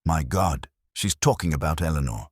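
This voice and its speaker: A man playing a shaken, hoarse old colonel. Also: very deep voice, normal speed, no room sound, clean studio sound. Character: older male colonel, shaken and grieving.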